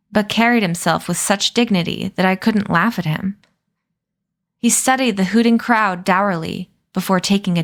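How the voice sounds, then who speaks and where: Calm woman reading a novel aloud. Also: mid-range voice. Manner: calm, steady storytelling.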